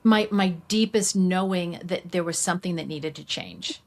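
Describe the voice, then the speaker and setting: Animated woman telling a personal story. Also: normal speed, gravelly. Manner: animated, acts out quoted voices with big pitch jumps. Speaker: podcast guest. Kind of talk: candid storytelling chat.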